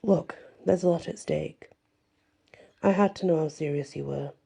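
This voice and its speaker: A woman voicing an angry young male werewolf warden in a whispered role-play, with low, clipped, restrained threats. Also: normal speed, creaky, warm tone, breathy edge, full character voice. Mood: controlled anger.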